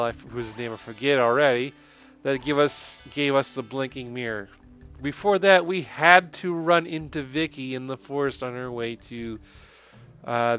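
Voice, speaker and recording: A man's voice: mid-range voice, a bit bright. A man narrating a game playthrough in casual commentary, with joking, sarcastic asides and frequent laughter. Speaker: let's play commentator.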